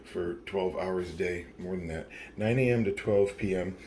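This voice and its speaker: Tired, rambling man, lowish voice. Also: normal speed, dark tone, a little hiss or hum. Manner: rambling, profane, tired, many fillers. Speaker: vlogger. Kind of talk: late-night confessional vlog.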